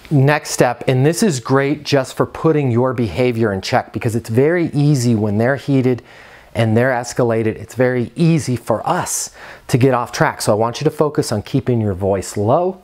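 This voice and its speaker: A man's voice: a little high, darkish tone. A man giving an instructional talk to camera as a property management trainer, earnest and coaching, repeating his key phrases.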